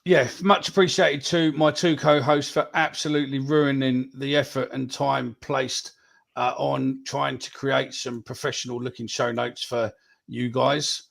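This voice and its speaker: A man's voice: medium pitch, little pitch movement, measured pace, gravelly, fairly bright tone. A man, hosting a casual live podcast chat, swearing freely as he reads out viewer predictions. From England. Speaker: podcast host.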